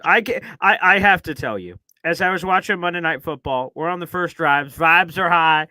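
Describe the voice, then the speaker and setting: A man hosting a casual sports talk show, telling stories in an animated way and acting out his own reactions. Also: high-pitched, a little slow. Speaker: podcast host.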